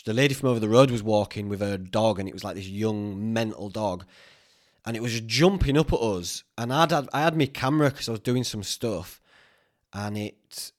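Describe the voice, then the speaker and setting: Chatty, swearing Northern English man. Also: medium pitch. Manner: chatty, swears freely, tangential storytelling. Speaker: podcast host. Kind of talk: casual rambling chat.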